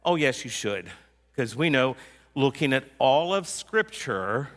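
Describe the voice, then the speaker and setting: Pastor guy preaching, bright forceful voice, chatty and teasing, big echoey church hall. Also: medium pitch, expressive, unhurried. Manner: conversational, teasing the congregation. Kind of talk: sermon.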